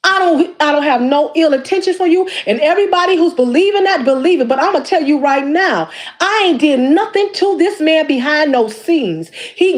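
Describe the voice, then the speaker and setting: High-pitched woman, impassioned and preachy. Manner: preachy and emphatic, repeats phrases. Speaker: YouTube creator. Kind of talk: impassioned direct-to-camera monologue.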